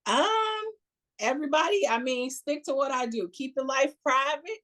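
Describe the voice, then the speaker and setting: A woman with a Chicago accent tells a story as a podcast guest in a relaxed, chatty way. She acts out what people said and laughs often. Her voice sits fairly high. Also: moderate pace. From United States. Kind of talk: casual storytelling.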